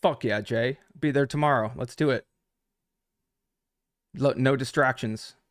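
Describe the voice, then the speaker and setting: Male trading coach live-streaming, loose and profane, mid-pitched, close dry mic. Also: a little slow, dry recording. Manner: casual, profane, talks straight to chat. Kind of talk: unscripted live stream teaching.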